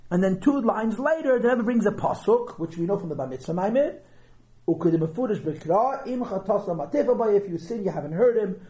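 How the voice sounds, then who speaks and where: A man teaching a Chassidus class to regulars, lively and thinking aloud as he explains, stressing key words. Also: high-pitched, fairly quick. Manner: thinks aloud, hedges and restarts often. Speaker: Torah teacher. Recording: echoey room.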